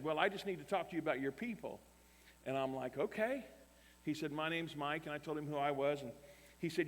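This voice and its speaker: A man preaching a sermon, telling a story animatedly and acting out both sides of the dialogue. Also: medium pitch. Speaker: pastor. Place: camp meeting hall. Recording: long hall reverb.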